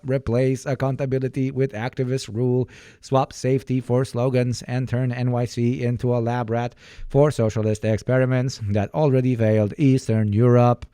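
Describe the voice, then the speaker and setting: A streamer reacts to online posts in casual livestream commentary, joking sarcastically, laughing often and restarting sentences. His mid-range voice is dark and smooth, recorded dry in studio quality.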